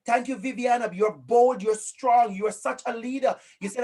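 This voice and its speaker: A man from Jamaica with a Jamaican accent, presenting an interactive online workshop over a video call in an energetic, encouraging way, often repeating phrases for emphasis. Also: extremely high pitch, moderate pace, hardly any pauses.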